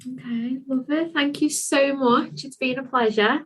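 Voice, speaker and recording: A woman's voice: sits high, a little slow, fairly bright tone. A woman with a Scouse accent hosting a podcast, talking in an effusive, enthusiastic way. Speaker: podcast host. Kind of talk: casual interview chat.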